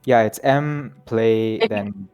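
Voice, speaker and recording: A man's voice: lowish voice, slow, a little mellow, faint music behind. A man playing in a tabletop game, chatting casually and helping with the setup. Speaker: player. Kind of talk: casual chat.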